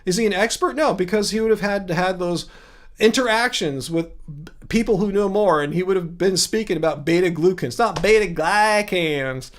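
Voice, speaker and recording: A man's voice: sits high, fairly quick. A man hosting a casual livestream, reading chat comments and arguing his point with sarcastic asides, often chuckling and restarting words.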